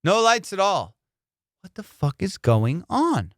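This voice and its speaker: A male comedian hosting a podcast, telling a road-trip story in an excitable, slangy, profane way. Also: high voice, slow pace, no room sound, clean studio sound. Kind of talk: animated storytelling.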